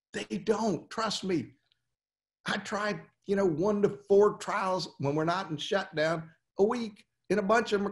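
A man coaching lawyers in a webinar talk, telling stories and firing off rhetorical questions in an animated way. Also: high voice, echoey room.

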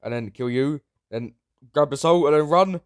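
A man giving excitable, sarcastic gameplay commentary, prone to sudden yelps. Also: fairly high pitch, normal speed, no echo, studio quality. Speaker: Minecraft YouTuber.

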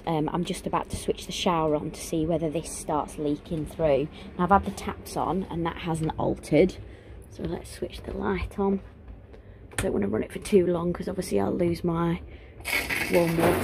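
A woman's voice: fairly low pitch, mellow, slight background noise. A woman vlogging inside a caravan, chatting casually and sounding exasperated, with lots of ums and restarts. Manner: chatty, exasperated, with many fillers. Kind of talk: casual vlog.

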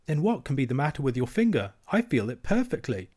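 A man's voice: medium pitch, big pitch swings, fairly quick, dark tone. A man reading aloud and voicing a young princess girl who is earnest and insistent, speaking with a raised, eager voice.

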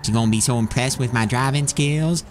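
A man playing an eager, dim-witted rural young man with a put-on rural American drawl, rambling and excitable in game role-play. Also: mid-range voice, a little fast, a little hiss or hum, close to an everyday voice.

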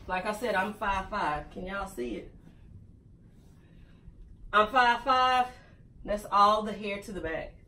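A woman's voice: mid-range voice, takes it slowly, pauses often, sharp tone. A woman chatting casually and joking straight to viewers while reviewing a wig for her vlog.

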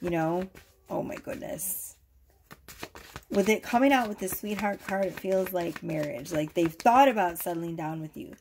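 A woman giving a casual tarot reading to camera, gushing and excitable, swearing freely as she talks. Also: lowish voice, moderate pace, few pauses, a little hiss or hum. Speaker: tarot reader.

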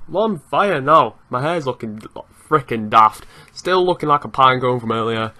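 A young man giving lively, excitable commentary over his own football video game match, swearing now and then and breaking into laughter. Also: medium pitch, normal speed, few pauses. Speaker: gaming youtuber. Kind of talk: live gameplay commentary.

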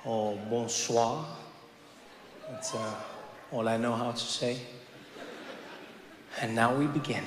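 A man performing a stand-up comedy set on a theater stage with a wry, conversational delivery. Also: medium pitch. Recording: echoey hall with loud crowd. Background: audience noise and laughter.

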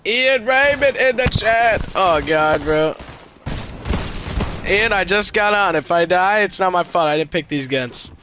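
A man streaming a game, chatting casually with his viewers and chat, excitable and swearing in bursts of exclamations. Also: fairly high pitch, a little slow, pauses often, background noise. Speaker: gaming streamer.

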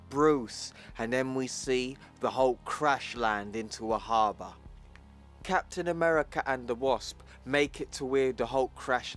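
Chatty man retelling a comic. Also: mid-range voice. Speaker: comic recap narrator. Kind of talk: casual comic book recap narration.

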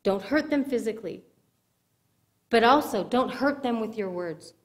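A woman's voice: a little high, animated, a little slow. A woman giving conversational sermon-style teaching in a church, checking with her listeners as she goes. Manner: conversational teaching, asks the audience if it makes sense. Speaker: speaker at a church service.

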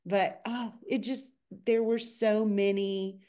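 A middle-aged woman, a choreographer, telling lively stories in a casual podcast chat, sometimes speeding up in bursts. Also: slow. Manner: animated, acts out quotes with a high excited voice.

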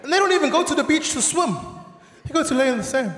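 A South African man doing live stand-up comedy on a large theatre stage, animated and shouting his punchlines. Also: very high-pitched, quick pace. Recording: echoey theatre hall with audience laughter.

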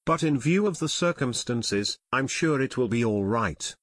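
A man's voice: mid-range voice, animated, moderate pace, a bit bright, no room sound, studio quality. A man voicing a shaken airport tower chief. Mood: steadier. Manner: shaky, frightened delivery. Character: anxious middle-aged male airport tower chief.

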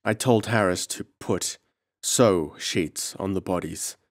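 A man's voice: low-pitched, slow pace, dry recording, clean studio sound. A man voicing a cool-headed scientist who speaks grimly and decisively, in an audiobook reading. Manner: grim, decisive.

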